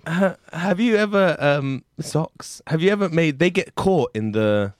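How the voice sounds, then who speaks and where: A man's voice: fairly high pitch, unhurried, clear, resonant tone, no echo, clean studio sound. Playful man hosting a comedy podcast. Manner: playful, jokey, lively with sudden loud bits. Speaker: podcast host. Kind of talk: casual improv comedy chat.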